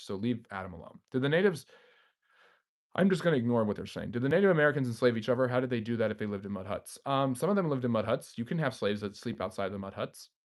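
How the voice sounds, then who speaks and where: Guy doing a live-stream q&a, reads chat out loud and answers on the fly, pretty chatty. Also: mid-range voice. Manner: reads viewer comments aloud and answers off the cuff. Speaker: history channel host.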